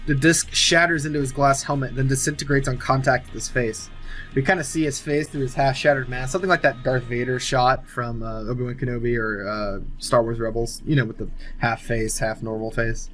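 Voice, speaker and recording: A man talking through a made-up movie plot in a relaxed, rambling way, full of fillers, restarts and half-finished thoughts. His voice sits in an ordinary middle pitch, and now and then he lifts it a little to act out a character's line. Faint music plays underneath. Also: brisk. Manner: rambling, thinking aloud with many fillers and restarts. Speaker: movie sequel writer. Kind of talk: casual pitch-style narration of an imagined film.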